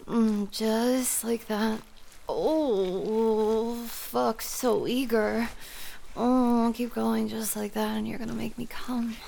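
A woman's voice: on the high side, steady tone, slow pace, creaky, warm tone, a little hiss or hum. A woman performing an erotic audio role-play in a dominant, teasing manner, often dropping to a whisper.

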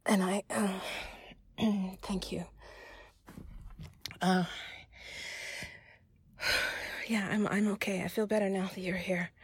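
A young woman in a one-sided audio role-play, talking in a halting, sighing, upset way that often drops to a whisper. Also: medium pitch, slight background noise.

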